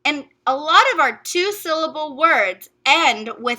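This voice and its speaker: Woman teacher doing a phonics lesson, high voice, sounds out words slow n careful. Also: animated, pushed and bright. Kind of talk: recorded phonics lesson for young students.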